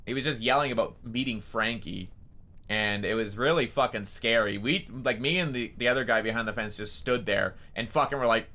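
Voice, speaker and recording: Bright-voiced young man rambling a story. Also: mid-range voice, normal speed. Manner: rambling, many fillers and swearing. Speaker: streamer. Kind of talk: casual storytelling.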